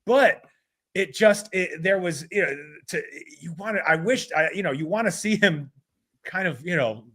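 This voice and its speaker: A man's voice: high voice, animated, normal speed, a bit bright. A man co-hosting a casual podcast, thinking aloud with frequent restarts and questions. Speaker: podcast co-host. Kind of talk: casual boxing podcast chat.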